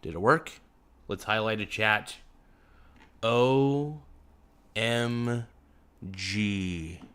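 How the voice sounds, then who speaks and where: A man's voice: fairly low pitch, drawn-out words, a bit bright, smooth. A young man hosting a casual livestream, reading out chat comments with joking, teasing banter. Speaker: livestream host.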